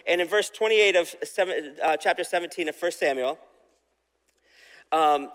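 In a large hall, a preacher with a slightly high, fairly bright voice speaks at a normal pace. His sermon is relaxed and chatty: he retells a Bible story, poses questions to the audience, and performs the voices of the people he quotes.

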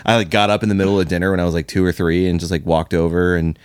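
A man's voice: low voice, little pitch movement, rapid-fire, dry recording, studio quality. A man talking loosely in a casual podcast chat, rambling with many fillers and telling stories. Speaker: podcast guest.

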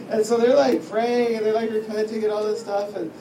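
A man's voice: high voice, little pitch movement, normal speed. A man teaching a sermon, telling a story with humor and acting out what people said. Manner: storytelling with humor, acts out dialogue. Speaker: preacher. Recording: echoey room, distant mic, noisy.

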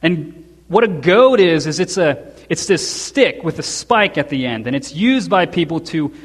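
A male preacher walks through a scripture passage in a relaxed, storytelling way, dropping in quick asides. His voice sits a little high for a man, and every phrase rings out in the long reverb of a large church hall. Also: husky. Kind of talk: expository sermon.

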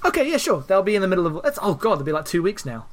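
A man with an English accent co-hosting a podcast, chatty and jokey with quick asides. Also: high voice, big pitch swings, slight background noise. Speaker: podcast co-host. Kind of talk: casual podcast chat.

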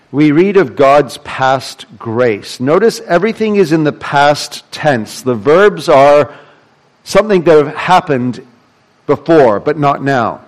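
A man preaching from the pulpit, his voice sitting a little higher than most men's. He walks through a psalm verse by verse, pressing points home with repeated phrases and rhetorical questions. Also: poor audio. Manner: expository preaching, emphatic repetition, rhetorical questions. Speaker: pastor. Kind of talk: sermon.

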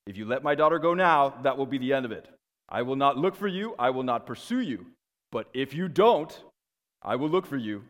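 A man doing an impression of a menacing middle-aged father who calmly threatens kidnappers over the phone, slow and deliberate. He stands in a lecture hall. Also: medium pitch, natural voice.

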